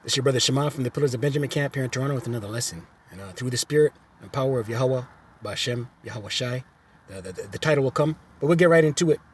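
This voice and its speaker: A man's voice: medium pitch, rapid-fire, slight background noise. A man teaching scripture in a sermon style, emphatic and repetitive, often asking "right?" between phrases. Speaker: teacher of a religious camp.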